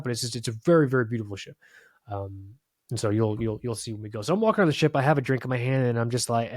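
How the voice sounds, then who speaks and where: A man's voice: mid-range voice, a little mellow, dry recording, clean studio sound. Profane, rambling male podcast co-host. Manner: profane, rambling storytelling with many restarts. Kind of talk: casual chat. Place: podcast studio.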